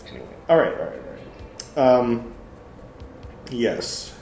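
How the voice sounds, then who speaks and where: A man's voice: mid-range voice, big pitch swings, unhurried, vocal fry, pauses often, a little mellow, roomy sound, slight background noise. A man hosting a podcast, reading a text aloud and breaking off for wry, joking asides. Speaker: podcast host.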